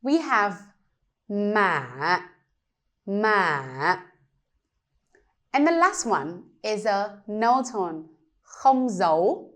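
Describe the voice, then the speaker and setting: A woman's voice: mid-range voice, lively intonation, slow. A woman teaching pronunciation, explaining patiently step by step with examples. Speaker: language teacher. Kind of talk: slow pronunciation lesson.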